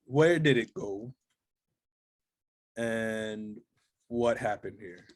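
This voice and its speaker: A man playing a tabletop game, halting and playful, laughing between his lines. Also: fairly low pitch. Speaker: player.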